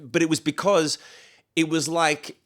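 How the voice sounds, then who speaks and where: A man, a singer-songwriter, chatting casually on a podcast, telling animated stories, acting out what others said and swearing freely. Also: on the high side, a little slow. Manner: animated storyteller who acts out quotes, swears freely.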